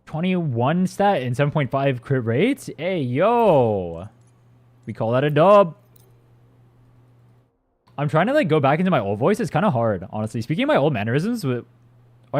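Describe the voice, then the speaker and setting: A young man streaming a game, chatting in a rambling, casual way with plenty of swearing, his throat a little strained. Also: on the high side. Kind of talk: casual gaming stream chat.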